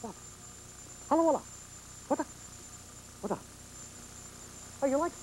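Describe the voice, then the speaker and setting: A man's voice: very high voice, lively intonation, unhurried, darkish tone, a little hiss or hum, rough recording. A man in a put-on Polish accent voicing a bumbling male stage magician who talks in broken English. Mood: showy. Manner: broken English, chuckling, showy. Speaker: TV horror host doing magic. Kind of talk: 1970s TV horror host performance.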